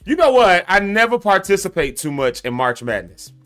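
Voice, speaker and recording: A man hosts a relaxed morning livestream with a bright, slightly high voice. He keeps the talk easygoing and laughs often. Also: normal speed, clear, resonant tone, faint music behind. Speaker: host. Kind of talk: casual chat.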